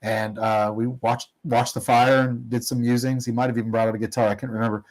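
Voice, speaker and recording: A man's voice: mid-range voice, level tone, quick pace, poor audio. A middle-aged man, a guest in an interview, telling stories in a casual, rambling, self-deprecating way with many restarts. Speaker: guest, oil company operator.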